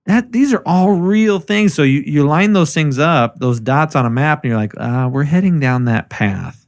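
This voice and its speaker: A man's voice: on the high side, normal speed. A man co-hosting a podcast in casual chat, ranting with lots of swearing. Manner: profane, animated ranting. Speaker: podcast co-host.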